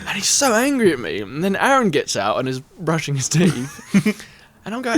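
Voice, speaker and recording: A man telling a festival story on a podcast, animated and laughing, acting out what people said. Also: on the high side, moderate pace. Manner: animated, laughing retelling with acted-out quotes. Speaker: podcast guest. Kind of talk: casual storytelling.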